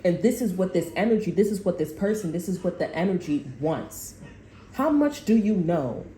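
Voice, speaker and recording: A woman tarot reader rambles through a casual spiritual monologue, blunt and quick to swear. Her voice sits a little low. She sounds like she is in an echoey room with a faint hum behind her. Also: big pitch swings, warm tone.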